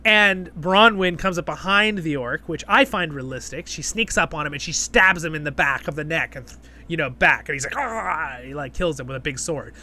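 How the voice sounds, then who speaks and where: Bright high-voiced man rambling through a review. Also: fairly quick. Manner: chatty, rambling, filler-heavy with frequent "right?" checks. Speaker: host and show reviewer. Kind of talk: casual spoken review.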